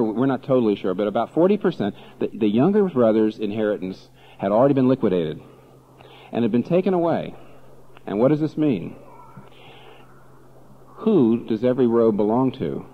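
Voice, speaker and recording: A male pastor preaching with a lively, swooping delivery, his pitch rising and falling as he throws out rhetorical questions. The recording is dull and lo-fi, with the top end muffled. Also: moderate pace. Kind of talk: sermon.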